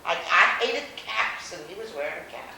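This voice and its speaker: An older woman, a grandmother, casually telling lively family stories at home with animated retelling. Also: lowish voice, moderate pace, gravelly, slight background noise. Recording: echoey home tape, mic far off.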